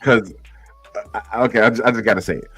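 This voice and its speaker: A man guesting on a casual live-stream chat, speaking haltingly with restarts and fillers. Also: lowish voice, fairly even intonation. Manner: halting, starts over, many fillers.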